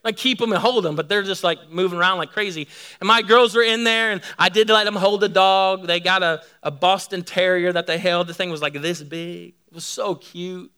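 A middle-aged man preaching a sermon, telling lively stories to his congregation. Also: high-pitched, normal speed, smooth. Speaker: pastor.

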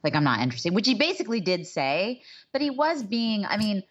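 A woman's voice: medium pitch, very animated, fairly quick, muffled recording. A woman co-hosting a podcast in casual chat, talking expressively and confessing her own dating stories, with casual swearing. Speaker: podcast co-host.

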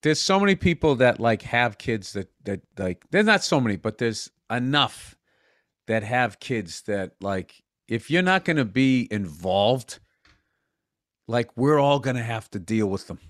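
A man's voice: mid-range voice, unhurried, no echo, clean studio sound. A middle-aged man co-hosting a podcast, telling stories in crude, profane casual banter. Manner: profane, animated storyteller. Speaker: podcast co-host.

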